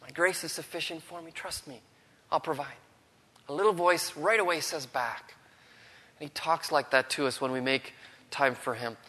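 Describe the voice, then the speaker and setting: A man with a fairly high, bright voice delivers a sermon while fighting a cold. He speaks earnestly and often sinks to a near whisper for quoted words. His voice rings out in a hall with a long reverb. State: has a cold, throat strained. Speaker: preacher.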